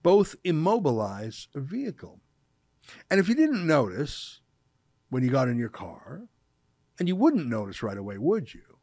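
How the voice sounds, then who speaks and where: A middle-aged man from Canada delivers opinion commentary from a studio in an emphatic, mocking tone, drawing out key words for effect. His voice sits a little high for a man and leaps up and down with lively pitch. The recording is dry and close, with no room sound. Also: no echo. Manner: sarcastic, emphatic, slows down to stress words. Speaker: show host.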